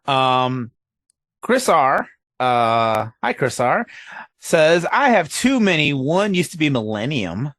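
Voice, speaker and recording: A man's voice: on the high side, sing-song, slow pace, fairly bright tone, dry recording, clean studio sound. A young man with a Chicago accent hosting a podcast in casual chat, rambling with many ums and small laughs. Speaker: podcast host.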